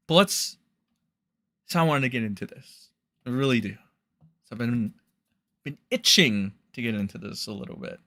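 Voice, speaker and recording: A man's voice: medium pitch, a bit bright. A young man hosting a livestream, rambling and swearing as he comments on online drama and talks to his chat.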